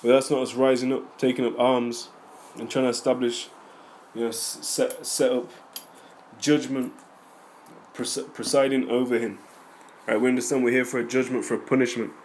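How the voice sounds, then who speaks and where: A man's voice: mid-range voice, slight background noise. A man reading scripture aloud and commenting on it in a loose, argumentative teaching style, speaking straight to his critics. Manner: rambling, conversational, reads scripture aloud then comments; argumentative, addresses critics directly. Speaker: religious teacher. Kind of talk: informal scripture teaching and rebuttal.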